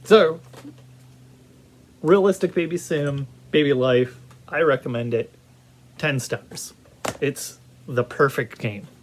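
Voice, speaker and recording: Animated rambling man reviewing a game. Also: mid-range voice, slow pace, long pauses, slight background noise. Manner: animated, rambling, many restarts. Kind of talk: casual video game review.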